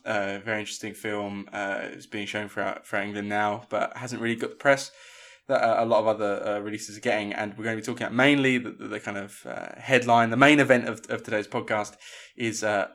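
A man hosting a film podcast in casual chat, often pausing with fillers. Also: on the low side, fairly bright tone. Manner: hesitant, lots of fillers. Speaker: podcast host.

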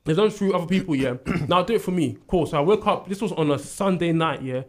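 Fast-talking young man. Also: fairly high pitch. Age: young adult. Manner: animated storyteller who acts out quotes and laughs often. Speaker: university student. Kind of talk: casual storytelling chat.

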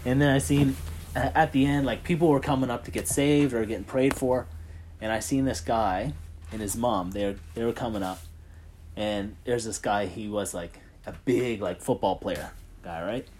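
A man in a casual faith chat tells his stories with animation, and his talk is loose and full of fillers. His voice sits in a middle pitch, and a faint hiss runs under it. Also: moderate pace. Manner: animated storyteller, heavy on fillers like "like" and "right?".

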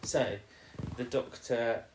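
A man's voice: mid-range voice, steady tone, takes it slowly, a little mellow, echoey room, slight background noise. A man co-hosting a podcast, recapping an episode in casual, rambling chat with teasing jokes.

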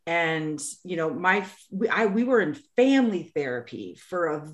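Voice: mid-range voice, big pitch swings, normal speed. A podcast co-host in casual conversation, speaking earnestly and reassuringly, repeating words for emphasis. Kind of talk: casual chat.

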